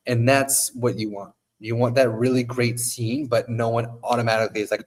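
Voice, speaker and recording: A man's voice: medium pitch, brisk, hardly any pauses. A man who owns an agency, chatting casually on a podcast with a voice he says is going, and acting out his clients' lines. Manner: animated, acts out quotes of clients. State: losing his voice, coughing. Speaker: modeling agency owner.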